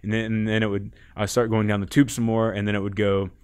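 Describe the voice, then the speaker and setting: Low-voiced guy on a podcast telling a crazy story, animated, keeps laughing. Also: fast, clear, resonant tone. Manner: animated, laughs often, many "like" fillers. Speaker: podcast guest. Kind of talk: casual storytelling.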